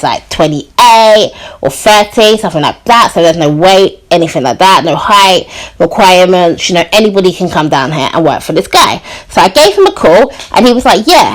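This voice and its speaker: A woman's voice: mid-range voice, poor audio. Chatty woman telling a story. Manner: chatty storytelling with many "you know" and "like" fillers; acts out the people she quotes. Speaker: YouTuber. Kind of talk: storytime vlog.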